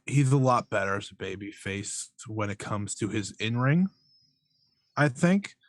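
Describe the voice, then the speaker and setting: Male podcast co-host, unhurried delivery, dry close sound. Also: lowish voice, expressive, dry recording. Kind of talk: casual wrestling podcast chat.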